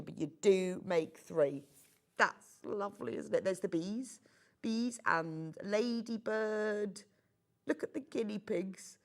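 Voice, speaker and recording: A middle-aged woman presenting a live home-shopping show, chatty and gushing with enthusiasm. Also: medium pitch.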